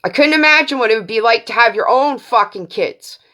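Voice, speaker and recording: A woman's voice: on the high side, lively intonation, fairly quick, pushed and bright. A middle-aged woman from Canada hosting a casual live stream, telling stories bluntly and profanely, acting out back-and-forth dialogue. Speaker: livestream host.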